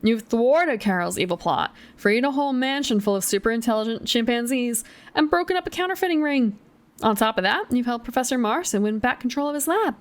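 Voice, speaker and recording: A young woman streamer reading a choose-your-path gamebook aloud, with chatty, giggly, self-deprecating asides. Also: on the high side.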